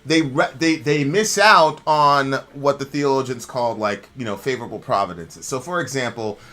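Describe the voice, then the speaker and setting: Bright-voiced man in casual chat. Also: moderate pace. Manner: animated storyteller, jumps high to act out characters; talks theology with conviction. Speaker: reaction video co-host.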